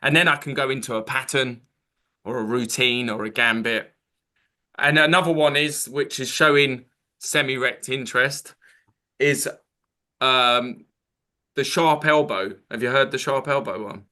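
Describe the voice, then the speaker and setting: A man's voice: medium pitch, a little slow, pushed and bright. A man hosting a panel of dating coaches, casually explaining pickup openers and acting out both sides of the conversation.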